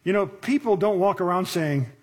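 Middle-aged male pastor, breathy husky voice, pitched a bit high, chatty preaching style with rhetorical questions. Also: animated, moderate pace. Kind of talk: sermon.

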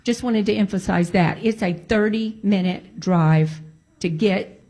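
A woman's voice: medium pitch, unhurried, mellow. A woman telling a personal story in a casual way, emphatic and repeating phrases for emphasis.

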